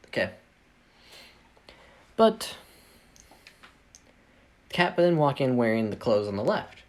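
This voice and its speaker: A man's voice: mid-range voice, sing-song, takes it slowly, long pauses, darkish tone. Rambling male fan fiction storyteller. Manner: rambling, self-interrupting, jokey. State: voice tired. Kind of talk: casual story reading with asides. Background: video game playing.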